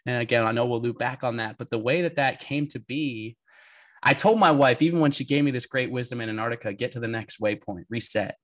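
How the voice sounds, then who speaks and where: A man from the United States, a podcast guest and adventurer, telling an energetic, emphatic story in conversation. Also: medium pitch, fast talker. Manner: energetic, emphatic, often laughing.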